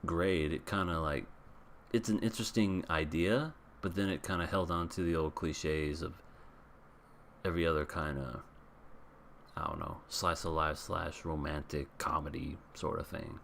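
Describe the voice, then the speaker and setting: A man's voice: very deep voice, fairly even intonation, normal speed, gravelly, a bit bright, a little hiss or hum. A man recapping and reviewing an anime episode in a casual, blunt, rambling way, with frequent restarts.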